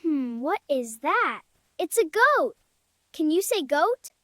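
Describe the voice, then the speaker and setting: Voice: high voice, big pitch swings, slow, pushed and bright, dry recording, heavily acted. A performer voicing a cheerful little cartoon kid who teaches toddlers animal names in a sing-song way and asks them to repeat the words. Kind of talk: children's educational cartoon narration.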